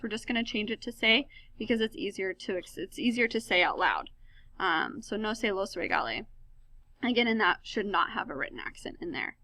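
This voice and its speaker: Bright-voiced woman teaching a Spanish lesson. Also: a little high, no echo. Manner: explains step by step, self-correcting with fillers. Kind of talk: recorded classroom lesson.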